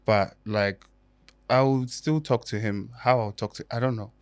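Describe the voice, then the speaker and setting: A man's voice: mid-range voice, steady tone, normal speed, clear, resonant tone, dry recording. A young man from Ghana, a musician guest on a podcast, answering in a thoughtful, hesitant way. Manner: thoughtful, hesitant, many fillers. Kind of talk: casual podcast interview.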